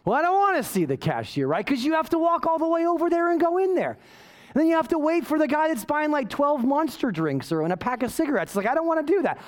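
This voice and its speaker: A pastor telling a self-mocking story in a sermon, animated and often asking "right?". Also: male voice, very high voice, fast. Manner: self-mocking, waves arms while talking.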